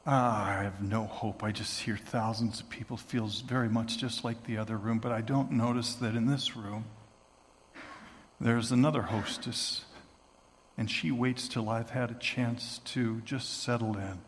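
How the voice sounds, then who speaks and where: A man preaching a sermon as a story, moving from hushed tones to shouting. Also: medium pitch, fairly even intonation, a little slow, in a large hall, a little hiss or hum. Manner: dramatic, swings from hushed to shouting.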